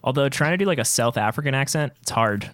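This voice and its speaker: A laid-back man chatting casually on a comics podcast, dropping wry asides. His mid-pitched voice is recorded dry and close, with no room sound. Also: animated, quick pace, a bit bright, no room sound. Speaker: podcast co-host. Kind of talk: casual chat.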